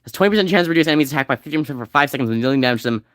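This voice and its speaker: A man giving casual, rambling commentary as he plays a game, now and then reading game text aloud quickly. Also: medium pitch, animated, a bit bright, no room sound, studio quality. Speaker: game streamer.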